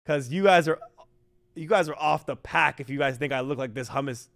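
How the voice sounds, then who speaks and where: A man's voice: a little high, a little fast, vocal fry, fairly bright tone. A man casting a live esports stream, rambling and joking while talking to chat. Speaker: esports caster.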